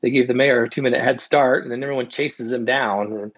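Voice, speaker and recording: A man speaking as a podcast guest and recovery coach, telling a story in a casual, lively way and acting out other people's lines. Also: mid-range voice, a little fast. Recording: dull, lo-fi sound.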